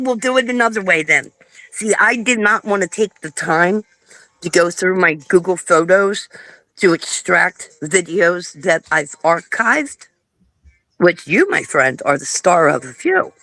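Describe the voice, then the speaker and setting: A woman's voice: on the low side, animated, unhurried, fairly bright tone, dry recording. A middle-aged woman from the northern US hosting a livestream, cursing freely while she tells stories and imitates other people. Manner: profane, storytelling, mimics others. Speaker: livestream host. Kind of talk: casual livestream chat.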